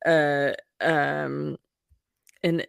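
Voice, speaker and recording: A woman hosting a relaxed podcast, with a lowish voice for a woman. She thinks aloud and searches for the right words, restarting sentences as she goes. The sound is dry and close to the mic. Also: very slow, gravelly, clean tone, no room sound. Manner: thoughtful, searches for words, many fillers and restarts. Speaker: podcast host. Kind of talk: casual podcast chat.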